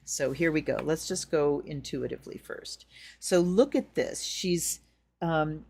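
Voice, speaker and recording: Low-voiced woman reading tarot. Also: measured pace, creaky, darkish tone. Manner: chatty, storytelling with acted-out quotes. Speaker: tarot reader.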